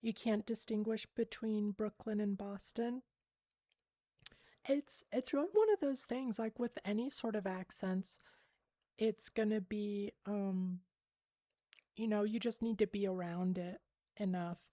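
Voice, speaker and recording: A woman's voice: mid-range voice, unhurried, warm tone, dry recording, studio quality. A woman chatting on a livestream and reading out chat, rambling with many fillers and giggles. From United States.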